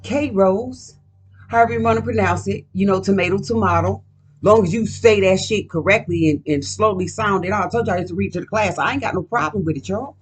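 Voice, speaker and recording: A woman's voice: medium pitch, fast talker, hardly any pauses, breathy edge. A woman doing a casual card reading at home, talking in a profane, emphatic, rambling way. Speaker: card reader.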